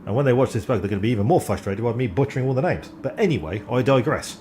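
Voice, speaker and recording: A man giving live, rambling commentary on an online sim race, excitable and often stumbling over driver names. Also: medium pitch, racing, a little hiss or hum.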